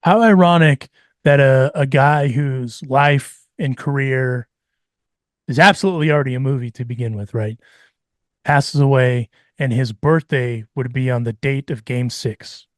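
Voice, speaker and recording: A man's voice: medium pitch, measured pace, no room sound, clean studio sound. A man hosting a podcast, talking in a reflective, casual way and slipping into Spanish phrases. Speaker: podcast host.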